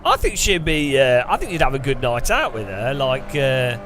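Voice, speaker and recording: A man with an English accent chatting casually to his stream while racing, rambling, with quick outbursts at other drivers. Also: mid-range voice, big pitch swings, a bit bright, slight background noise. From England. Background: music.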